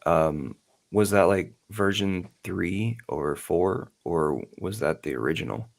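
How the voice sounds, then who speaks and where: A low, gravelly-voiced man hosts a loose live chat. He talks slowly, circling back and interrupting himself as he rambles. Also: lively intonation. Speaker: podcast host.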